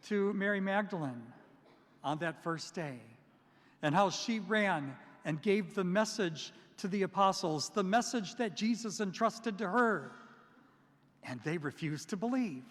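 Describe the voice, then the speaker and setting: High-voiced priest preaching in a church. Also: male voice. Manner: animated, humorous storytelling preaching. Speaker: parish priest. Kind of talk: sermon. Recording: long reverb of a church.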